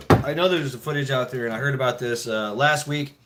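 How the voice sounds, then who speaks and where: A man's voice: mid-range voice, moderate pace, heavy background noise. Rambling, profane man in casual chat. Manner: rambling, profane, laughing, many restarts; mimics others in mock voices. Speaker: show host.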